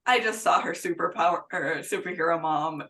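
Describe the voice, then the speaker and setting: A woman player explaining her character in casual chat, halting as she thinks aloud. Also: lowish voice, a bit bright, distant mic. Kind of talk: casual chat at a game table.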